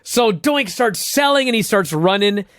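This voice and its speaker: A man's voice: high voice, expressive, moderate pace, a bit bright, no echo, studio quality. A man co-hosting a casual podcast, animatedly retelling events with laughs and the odd swear. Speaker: podcast co-host. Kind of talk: casual chat recapping wrestling.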